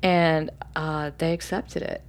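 Animated woman telling a personal story. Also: takes it slowly. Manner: animated, acts out quoted voices with sudden high bursts; drops to soft, hushed narration for calm moments. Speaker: interview guest. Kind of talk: casual storytelling.

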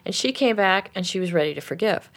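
Woman workshop leader, animated storyteller, acts out the voices. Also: mid-range voice, fast talker. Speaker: anger and forgiveness workshop leader. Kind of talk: storytelling in a conversation.

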